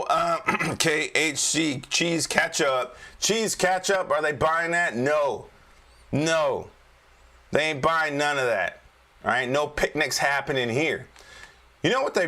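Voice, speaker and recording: Male trading coach, mid-pitched, chatty and joking, casual screen-share market review. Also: pushed and bright. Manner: chatty and joking, keeps checking in with "all right?".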